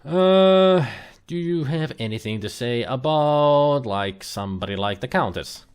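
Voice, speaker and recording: Over faint game music, this man's clean, expressive, medium-pitched voice moves at an unhurried pace. As a let's play host, he gives joking commentary on an old computer game, chatting casually and muttering asides.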